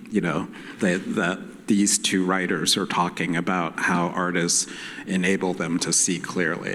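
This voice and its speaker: A man speaks thoughtfully on a panel, measured and unhurried. His very low voice trails into the long reverb of a hall. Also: fairly bright tone. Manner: thoughtful, measured, reads a quotation aloud. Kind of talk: reflective panel talk.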